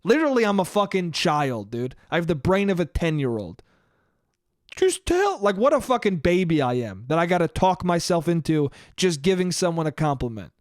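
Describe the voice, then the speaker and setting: A man's voice: fairly high pitch, big pitch swings, moderate pace, no room sound, studio quality. A man hosting a solo podcast, telling a story in a casual, profane, self-deprecating way and saying "dude" a lot. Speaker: podcast host.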